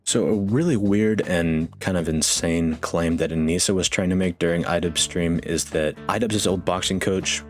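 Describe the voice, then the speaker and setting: A man with a very low voice runs a YouTube drama commentary, blunt and mocking, swearing freely. Faint music plays under his talk.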